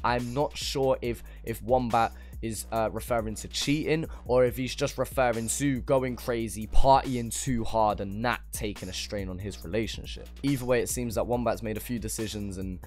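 A man's voice: medium pitch, fairly even intonation, moderate pace, hardly any pauses. A man, hosting a music reaction and giving casual, slangy commentary on a song. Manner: loose slangy street talk.

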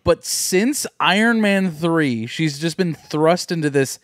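A man's voice: a little high, animated, takes it slowly, no echo, clean studio sound. A man co-hosting a movie podcast in casual chat, swearing freely and laughing often. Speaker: podcast co-host.

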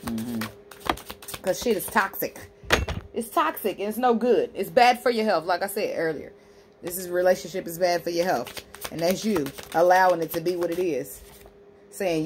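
A woman with a low voice gives a tarot card reading. She is brash and profane, talks straight to her viewers, and stresses her points with a sassy edge. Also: moderate pace, background noise. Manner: animated, acting out imagined speech in a sassy tone. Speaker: tarot reader and spiritual healer.

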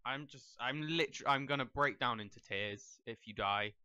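A man's voice: medium pitch, normal speed, sharp tone, smooth, dry recording, highs cut off. A young man giving casual gameplay commentary, rambling and talking to the characters on screen. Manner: rambling, talks to the game characters. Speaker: let's play gamer.

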